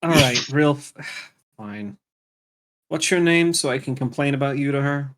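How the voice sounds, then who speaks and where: A man's voice: mid-range voice, steady tone, unhurried, a bit bright. A man playing a tabletop role-playing game, speaking in character with dry, exasperated sarcasm. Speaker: player.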